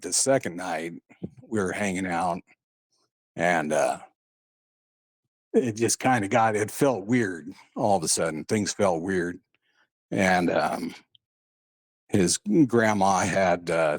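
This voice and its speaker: Low-voiced man rambling through a story. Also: no echo, clean studio sound. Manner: rambling, full of "uh" and "and, uh". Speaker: guest recounting a paranormal experience. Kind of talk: casual storytelling.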